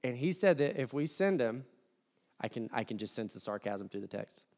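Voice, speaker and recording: A young adult man preaching a sermon, animated, acting out voices and swinging from loud to hushed. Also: mid-range voice, normal speed. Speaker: pastor. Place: church hall.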